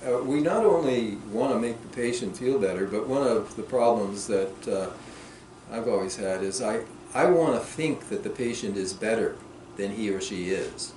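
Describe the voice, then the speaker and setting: A man's voice: on the low side, expressive. Man speaking from far in a roomy hall. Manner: thoughtful, slows down and trails off softly. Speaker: author answering questions at a workshop. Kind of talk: reflective clinical discussion. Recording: roomy and distant with faint noise.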